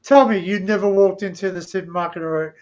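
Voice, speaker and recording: A man's voice: high voice, steady tone, fairly quick, darkish tone, lo-fi sound. A man hosting a casual live stream, rambling through stories and laughing often. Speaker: stream host. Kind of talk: casual chat.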